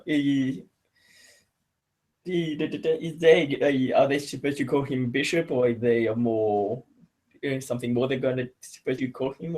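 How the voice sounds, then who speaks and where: A man's voice: mid-range voice, a little mellow. A man playing a tabletop game who describes his character's actions hesitantly, with many fillers. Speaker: player. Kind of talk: casual tabletop play.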